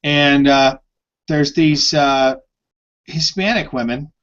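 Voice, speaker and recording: Man, co-host, animated storyteller, swears freely, slightly high voice, dull lo-fi audio. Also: slow pace. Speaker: podcast co-host. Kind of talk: casual storytelling chat. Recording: dull lo-fi live stream audio.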